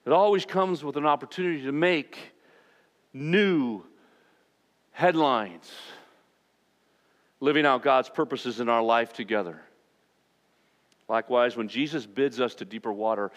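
A man's voice: medium pitch, a little slow, pauses often. A male pastor preaching a sermon, emphatic and at times impassioned. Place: church sanctuary. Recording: long hall reverb in a church sanctuary.

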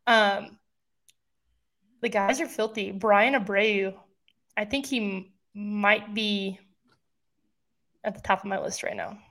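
A woman's voice: mid-range voice, fairly even intonation, slow, pauses often, fairly bright tone. A woman co-hosting a casual sports podcast, blunt and teasing, swearing casually. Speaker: podcast co-host.

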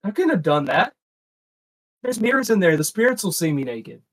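Guy teasing the host, voice bouncing all over, kinda husky. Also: high voice, sing-song, moderate pace, a bit bright. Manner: playful, teasing banter. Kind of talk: casual podcast chat.

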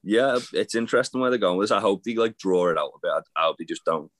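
A man's voice: fairly low pitch, expressive, quick pace, fairly bright tone. A man co-hosting a casual podcast, rambling with lots of fillers and restarts. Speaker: podcast co-host. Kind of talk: casual wrestling chat.

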